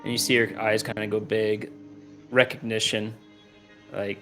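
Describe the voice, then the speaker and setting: A man narrating as game master of a tabletop game, slow and halting with many fillers. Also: lowish voice, little pitch movement, fairly bright tone, faint music behind.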